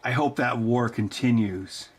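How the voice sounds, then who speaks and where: A man hosting a relaxed livestream while tinkering with electronics, chatting casually and joking at his own expense. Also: medium pitch, unhurried, background noise. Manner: self-deprecating, jokey, talks to his cat. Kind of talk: casual chat.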